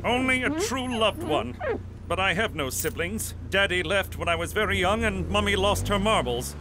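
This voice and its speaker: A prim, overly polite cartoon Mountie. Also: male voice, sits high, animated, normal speed, noisy background. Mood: earnest. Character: prim Canadian Mountie man, earnest and hapless.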